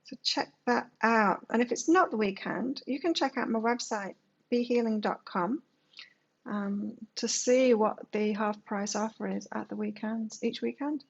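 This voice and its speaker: A woman's voice: fairly high pitch, a little slow, creaky, breathy edge, lo-fi sound. Chatty woman reading tarot. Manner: chatty, musing, storytelling. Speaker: tarot reader. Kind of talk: casual psychic reading to camera.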